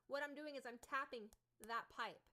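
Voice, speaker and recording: A woman's voice: high voice, normal speed, sharp tone. A woman voice coach giving an instructional tutorial, explaining step by step and checking in with the listener.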